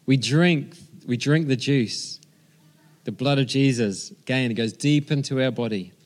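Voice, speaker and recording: A man's voice: medium pitch, unhurried, a little mellow. A man giving a sermon as pastor, conversational and enthusiastic, often restarting his phrases.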